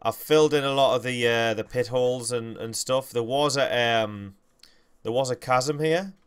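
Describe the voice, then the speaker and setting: A man's voice: mid-range voice, moderate pace, clear, resonant tone. A young man, hosting a game livestream with rambling, self-correcting, jokey commentary. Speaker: gaming livestream host.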